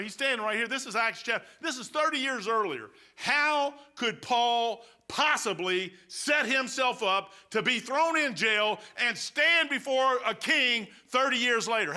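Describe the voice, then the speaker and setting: A male pastor preaching a sermon in church, telling stories in an animated, colloquial way. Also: very high voice, moderate pace, hardly any pauses. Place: church, behind the pulpit.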